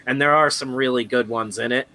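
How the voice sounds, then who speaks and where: A man leads a loose podcast conversation, wandering from point to point with a steady stream of "like" and "uh". His voice is bright and forward, sitting at an ordinary middle pitch. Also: fairly quick. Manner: rambling, fills speech with "like" and "uh". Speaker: podcast host. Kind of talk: casual chat.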